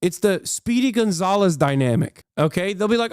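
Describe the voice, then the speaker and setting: A man with a high-pitched, animated voice that is also darkish, clear and resonant does live reaction commentary, recorded dry and clean in the studio. He rants combatively and quickly, swearing often, interrupting his own profanity and filling gaps with fillers.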